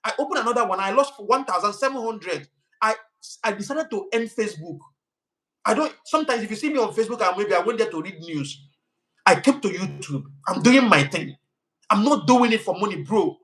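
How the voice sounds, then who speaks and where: A man's voice: high-pitched, bright, forceful tone, rough recording. A young Nigerian man with a Nigerian accent hosting a live stream, talking passionately with many restarts and heated outbursts at commenters.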